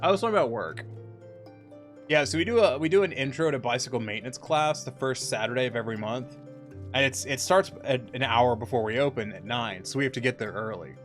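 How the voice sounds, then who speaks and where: A young adult man streaming from a home setup, chatting casually and telling stories with lots of swearing and sudden excited bursts, with faint music behind him. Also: medium pitch, brisk. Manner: profane, animated storytelling with bursts of excitement. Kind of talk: casual gaming stream chat.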